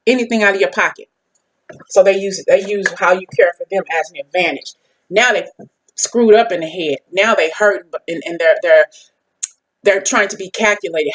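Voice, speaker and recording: A woman's voice: medium pitch, normal speed, low-quality recording. A woman giving a casual tarot card reading, talking bluntly and repetitively and swearing freely. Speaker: tarot reader and psychic medium.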